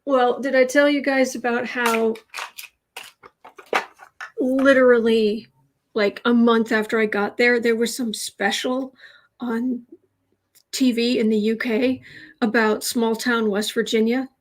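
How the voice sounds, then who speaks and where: A woman's voice: a little high, little pitch movement, slow, long pauses. Chatty woman hosting a tarot livestream. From United States. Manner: chatty, digressive storytelling. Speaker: tarot reader, livestream host. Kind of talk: casual livestream chat.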